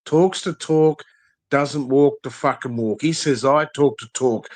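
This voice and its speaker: A man's voice: medium pitch, unhurried, no room sound. A man, ranting angrily and profanely as a guest in a casual chat, full of threats. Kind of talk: angry rant in casual chat.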